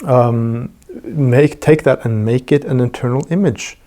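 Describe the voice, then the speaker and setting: A man's voice: mid-range voice, unhurried, dark tone. A man hosting a podcast interview, talking casually and thinking aloud with frequent restarts and fillers. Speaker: podcast host.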